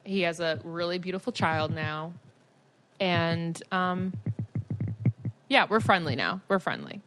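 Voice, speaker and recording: A woman in her twenties co-hosting a podcast, telling stories in an animated way, laughing often and leaning on "like" fillers. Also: on the low side, takes it slowly, noisy background. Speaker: podcast co-host. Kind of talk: casual chat.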